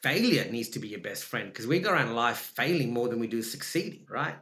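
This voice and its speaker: Animated Australian man with roomy echo. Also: medium pitch, brisk. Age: adult with young children. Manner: animated, emphatic, acts out his own inner dialogue. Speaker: actor and podcast guest. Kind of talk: candid conversational storytelling.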